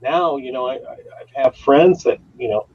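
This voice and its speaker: A man chatting casually and joking with profanity, with a gravelly, husky voice. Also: medium pitch, moderate pace, a little hiss or hum. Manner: animated, profane joker. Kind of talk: casual chat. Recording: dull lo-fi sound.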